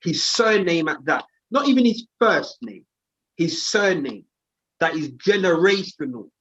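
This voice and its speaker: A man's voice: on the high side, a little slow, husky, muffled recording. A man, talking heatedly and indignantly in a casual podcast discussion, using slang. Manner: animated, indignant, uses slang.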